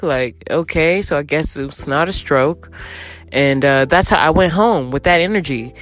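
A young woman telling a candid storytime to her viewers, chatty and animated, acting out quotes as she goes. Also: deep voice, moderate pace. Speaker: vlogger. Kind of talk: casual storytime.

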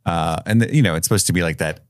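A man's voice: low-pitched, dry recording, clean studio sound. A man co-hosting a film-review podcast, chatting casually, joking and swearing freely. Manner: joking, profane, doing quick silly voices. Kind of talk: casual chat.

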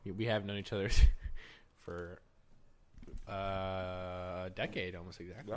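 A man's voice: low-pitched, fairly even intonation, unhurried. A young man co-hosting a casual podcast, rambling and teasing his friend in a joking way. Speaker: podcast co-host. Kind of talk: casual chat. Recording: faint background noise.

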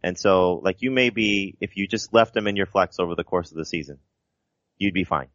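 A man's voice: low-pitched, brisk, a bit bright, no room sound, lo-fi sound. A man co-hosting a sports podcast, analytical and explaining in long winding sentences. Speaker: podcast co-host. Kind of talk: casual sports podcast chat.

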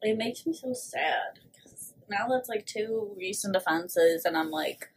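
A woman co-hosting a casual podcast, reacting with quick exclamations and short remarks. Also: mid-range voice, lively intonation, a little hiss or hum. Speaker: podcast co-host. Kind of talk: casual chat.

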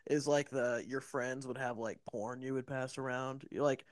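A man's voice: mid-range voice, steady tone, normal speed, dry recording. A man co-hosting a podcast, talking casually in a loose, filler-heavy way. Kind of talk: casual chat.

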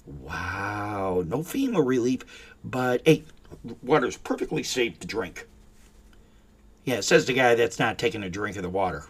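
Husky man, unhurried sarcastic rant, swings his pitch widely for mockery. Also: animated. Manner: sarcastic, mocking. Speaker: commentator. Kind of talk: ranting political commentary.

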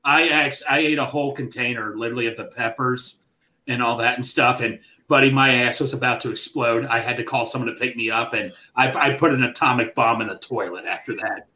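A man's voice: mid-range voice, steady tone, brisk, sharp tone. Crude joking man in an echoey room. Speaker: podcast co-host. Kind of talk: casual chat.

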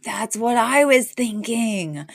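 A woman's voice: a little high, expressive, slow pace, no room sound, clean studio sound. A woman co-hosting a podcast, recapping an episode in a chatty style, laughing often and using lots of fillers. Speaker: podcast co-host.

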